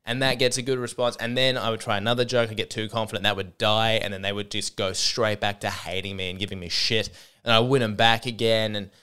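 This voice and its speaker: This young comedian and podcast host has a fairly low, smooth voice and a fairly quick delivery. He tells a stage anecdote casually and with plenty of swearing and energy, regularly acting out whoever he's quoting.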